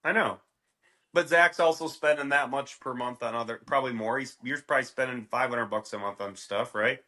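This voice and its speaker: Casual male podcast host, bright, sharp tone. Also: medium pitch, fairly quick. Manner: casual, filler-heavy.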